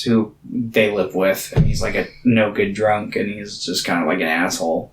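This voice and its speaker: A man's voice: lowish voice, fairly even intonation, normal speed, hardly any pauses. Laid-back rambling man in a roomy room. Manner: rambling, laid-back, lots of filler words. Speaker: podcast co-host. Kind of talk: casual movie recap chat.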